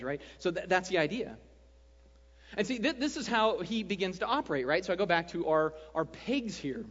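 A man preaching a sermon as pastor, animated and joking, often checking in with the congregation. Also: sits high, normal speed. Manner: animated, joking, keeps asking "right?". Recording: dull lo-fi sound, long hall reverb.

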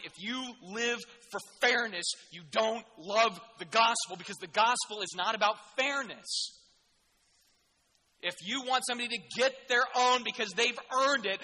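A male preacher delivers a sermon with a high, very bright and forceful voice. He talks in an animated, jokey way, with sarcastic asides and sudden emphatic bursts. His voice rings with long reverb in a large hall.

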